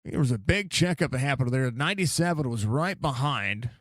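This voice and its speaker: A man doing casual live commentary on a sim race while chatting with viewers, with excited outbursts at crashes. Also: mid-range voice, a little fast, no room sound. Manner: chatty, greets viewers by name between race calls. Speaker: sim racing league commentator and streamer.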